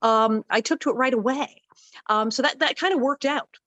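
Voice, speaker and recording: A middle-aged woman telling stories as a guest in a casual interview, animated and acting out the voices she quotes. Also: high voice, normal speed, dry recording, rough recording. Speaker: guest actress.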